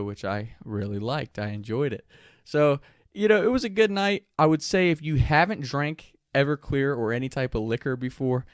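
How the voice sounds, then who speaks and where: A man casually telling a story, animated and profane, often laughing as he talks. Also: mid-range voice, smooth, no room sound, clean studio sound.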